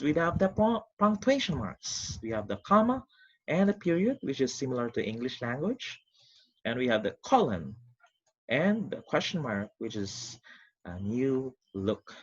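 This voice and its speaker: A man teaching a recorded online lesson, explaining step by step with quick recaps in an animated, sing-song way. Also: mid-range voice, slightly rough. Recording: dull lo-fi recording.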